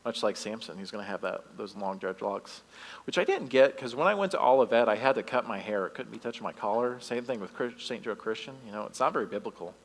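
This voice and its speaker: A youth director giving a sermon in church, reading scripture aloud and breaking in with joking asides. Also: male voice, lowish voice, expressive, fast, slight background noise. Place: church sanctuary. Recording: long reverb of a church hall.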